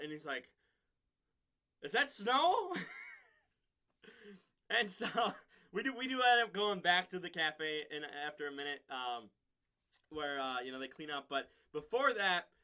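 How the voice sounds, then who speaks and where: A man's voice: a little high, sharp tone, clear, resonant tone. A man giving a casual episode review, rambling through the plot and chuckling often between points.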